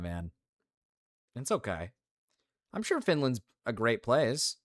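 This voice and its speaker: A young man on a livestream rants about the weather, swearing and repeating himself as he gets worked up. His voice sits at an ordinary middle pitch. It sounds close and dry, with no room around it. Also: huge pitch swings, slow pace, pauses often, fairly bright tone, no echo. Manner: ranting, profane, repeats himself. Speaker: streamer. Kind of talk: casual livestream rant.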